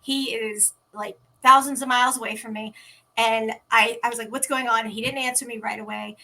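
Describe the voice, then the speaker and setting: A woman speaks as a guest in a relaxed interview, her voice bright and a little high. She tells stories with energy and slips into the voices of the people she quotes. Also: a little fast, creaky. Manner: animated, acts out quoted dialogue. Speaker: interview guest, teen podcast organizer. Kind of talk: casual interview storytelling. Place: at home.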